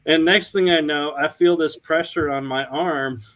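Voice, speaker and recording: A man's voice: on the high side, fairly even intonation, moderate pace, fairly bright tone, low-quality recording. A man from the US, a paranormal investigator and podcast co-host, telling an anecdote in casual chat and acting out the quoted dialogue.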